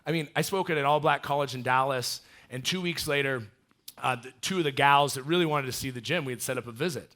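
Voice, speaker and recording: A man in his thirties giving a casual, animated storytelling talk as a guest speaker. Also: medium pitch, fast. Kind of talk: storytelling talk to a live audience.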